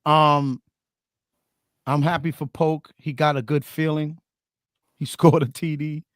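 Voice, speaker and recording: A talkative male podcast host leading a loose sports chat, his voice sitting a bit high for a man. He circles back over his own words as he builds a point, and the sound is dry and close with no room echo. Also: steady tone, takes it slowly. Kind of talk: casual sports talk.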